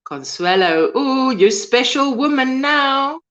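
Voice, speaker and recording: A woman's voice: high-pitched, expressive, slow pace, fairly bright tone. A woman hosting a casual live-stream chat, greeting viewers and reading their comments aloud. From South Africa. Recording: dull lo-fi stream audio.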